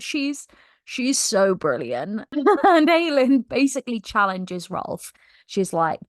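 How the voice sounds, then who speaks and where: Give me a young woman recapping a novel, excited and slangy, with a fairly high voice and a dry, close sound. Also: slow pace, no echo. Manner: gushing, slangy, laughs often. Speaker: book vlogger. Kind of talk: casual book recap.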